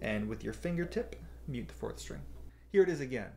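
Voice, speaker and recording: A man's voice: medium pitch, animated, brisk, over loud music. A man teaching a beginner ukulele lesson, explaining step by step and counting beats aloud. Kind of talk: instructional explanation. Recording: ukulele playing throughout.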